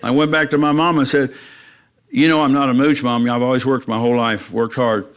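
A man's voice: fairly even intonation, a little fast. Older guy preaching his testimony, plain storyteller, voice goes up when he gets worked up. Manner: plain-spoken storytelling, acting out his own dialogue with rising pitch when emotional. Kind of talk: personal testimony in a church talk.

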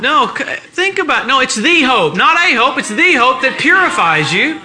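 A man preaching a sermon in a church, telling stories with animated, laughing energy. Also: extremely high pitch, moderate pace.

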